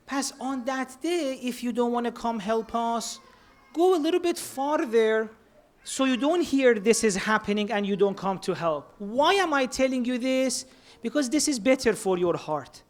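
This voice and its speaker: A man's voice: very high voice, lively intonation, normal speed. Earnest man preaching. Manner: earnest, mixes Persian words into English. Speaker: speaker at a religious centre. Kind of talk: sermon.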